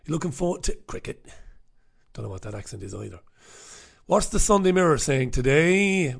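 Gravelly ranting host. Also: male voice, medium pitch, big pitch swings, a little fast, fairly bright tone. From north of England. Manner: blunt, sweary and sardonic. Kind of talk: ranting talk-radio commentary. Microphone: close mic, broadcast over radio and live stream.

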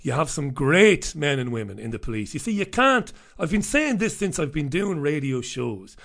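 A man's voice: a little high, very animated, moderate pace, gravelly, fairly bright tone. A man hosting a casual talk radio show, delivering a sardonic monologue with offhand asides and chuckles.

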